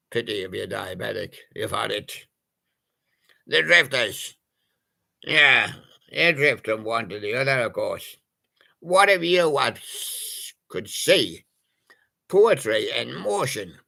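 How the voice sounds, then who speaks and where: Slow, gravelly man with a bright voice. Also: medium pitch. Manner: punning, playful, sings snatches of song. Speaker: radio presenter. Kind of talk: jokey oldies radio patter.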